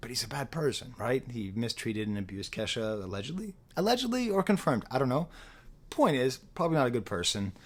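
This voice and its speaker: A man giving a casual, rambling spoken album review, animated and prone to interrupting himself. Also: mid-range voice, brisk. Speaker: music reviewer.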